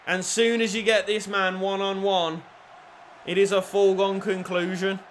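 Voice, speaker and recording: A young man commentating his own football video game and chatting to viewers, shouting at goals and swearing at the referee. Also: high voice, level tone, normal speed, a little hiss or hum. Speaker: gaming YouTuber.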